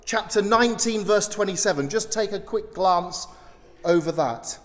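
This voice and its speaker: A man with a British accent preaching a sermon as pastor, telling stories and breaking into sudden loud exclamations. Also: high-pitched, normal speed, big-room sound.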